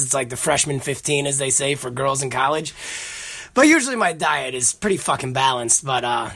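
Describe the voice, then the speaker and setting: A man's voice: mid-range voice, vocal fry, pushed and bright. A man hosting a podcast, telling rambling, profane stories in casual chat. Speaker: podcast host.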